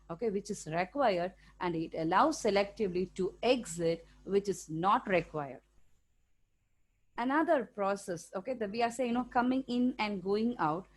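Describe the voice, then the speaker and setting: A woman with an Indian English accent teaching a school science lesson, explaining step by step and often checking in with "okay?". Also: mid-range voice. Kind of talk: classroom lecture for students.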